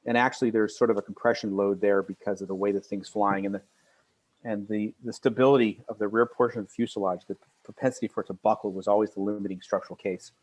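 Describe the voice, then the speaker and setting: Halting man lecturing engineering class. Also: lowish voice, fairly even intonation, darkish tone. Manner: halting, many restarts and fillers, earnest. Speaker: university lecturer.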